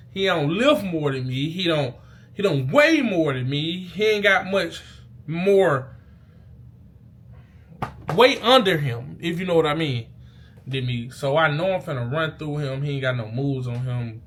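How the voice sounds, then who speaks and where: A young man, telling a personal story to camera in casual, slangy, animated speech with loud bursts. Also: a little high, measured pace, a little hiss or hum. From Mississippi. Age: young adult. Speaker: vlogger. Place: indoors, talking into a mirror.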